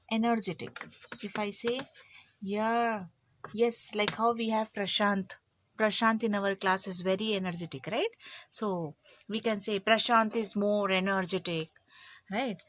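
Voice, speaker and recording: An Indian English woman teaches a physics lesson online. She talks casually and plays her students' remarks in a joking way. Her voice sits in a middle pitch, with a faint hiss behind it. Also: fairly even intonation, measured pace, a bit bright. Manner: chatty, acts out students' lines teasingly.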